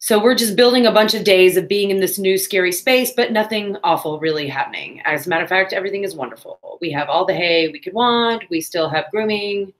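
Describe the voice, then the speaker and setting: A woman's voice: medium pitch, brisk, few pauses. A woman, chatting casually on a crafting livestream, with playful asides.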